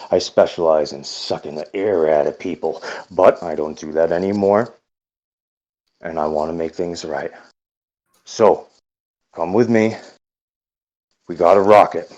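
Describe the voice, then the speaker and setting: Deep-voiced ghoul ex-hitman played by a male game master, soft and deliberately polite. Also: highs cut off. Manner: soft, deliberate, trying to sound nice.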